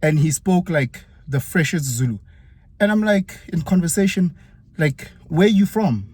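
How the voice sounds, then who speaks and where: A man from KwaZulu-Natal with a South African accent, a former teacher chatting through a personal story in a vlog, lively and jumping up in pitch when he acts out other people. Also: a little slow, breathy edge, dry recording.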